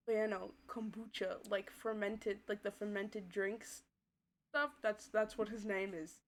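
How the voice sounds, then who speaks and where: A woman's voice: medium pitch, steady tone, slow. A woman streaming a game live, chatting casually with her chat and giggling often. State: voice tiring. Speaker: VTuber streamer.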